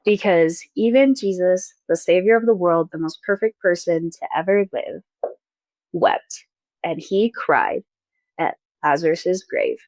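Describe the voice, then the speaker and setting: A young woman telling a painful personal story as a podcast guest, halting and soft, with pauses and fillers. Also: on the low side, dry recording, low-quality recording.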